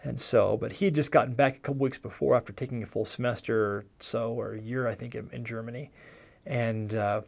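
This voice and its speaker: A man's voice: mid-range voice, fairly even intonation, fairly quick, gravelly, a little mellow. A man in his forties, a former missionary, telling his life story in a rambling, conversational way, often correcting himself as he goes. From United States. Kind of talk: casual personal storytelling.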